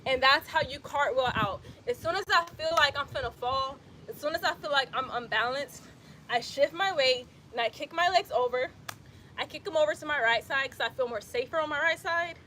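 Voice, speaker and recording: A bright, clear woman's voice, young and informal, walking viewers through handstand drills. She explains each step as she performs it, with a faint hiss under her voice. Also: sits high, low-quality recording. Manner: informal, talks the viewer through each move while doing it. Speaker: handstand practice instructor. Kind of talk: casual spoken demonstration.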